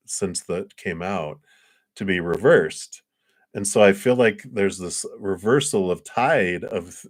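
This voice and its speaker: A man giving a live tarot reading, musing his way through the cards with frequent soft chuckles and trailing pauses. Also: sits low, dry recording, clean studio sound. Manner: musing, meandering, chuckles often. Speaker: tarot card reader.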